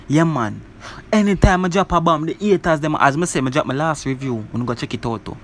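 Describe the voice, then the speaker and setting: A man casually reviewing a song, talking in an animated way and filling his lines with "bro" and "you see me". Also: fairly high pitch, fairly quick. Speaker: music reviewer.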